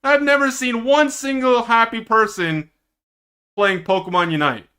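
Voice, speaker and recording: A man streaming himself reacting to an esports match, excitable and teasing, with drawn-out dramatic groans. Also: very high-pitched, clear, resonant tone. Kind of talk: casual live-stream reaction commentary.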